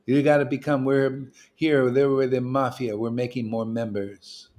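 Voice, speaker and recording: A man giving an informal, animated spiritual talk to a group, streetwise in tone and swinging between loud bursts and hushed asides. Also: mid-range voice, normal speed. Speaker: spiritual teacher leading a devotee meetup. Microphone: livestream mic.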